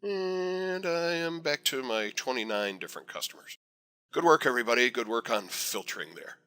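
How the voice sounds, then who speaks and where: A man teaching a software tutorial over a screen recording, chatty and encouraging with folksy asides. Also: medium pitch, expressive, normal speed, smooth. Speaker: software instructor.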